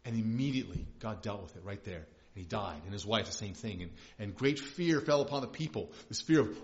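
A man's voice: lowish voice, expressive, brisk, hardly any pauses. A male pastor giving a conversational, emphatic sermon, often restarting his phrases. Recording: slightly dull lo-fi recording.

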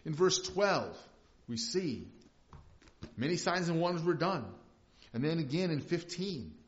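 A man's voice: on the high side, expressive, a little slow. A male pastor giving a conversational, emphatic sermon, often restarting his phrases. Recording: slightly dull lo-fi recording.

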